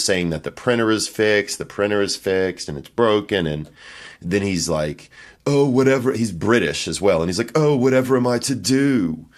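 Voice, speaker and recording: A man with a low, deep voice rambles through a comic monologue. He talks in a loose, offhand way and swears freely, like a comedian riffing alone in a hotel room. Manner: loose, profane, offhand storytelling. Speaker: podcast host and comedian.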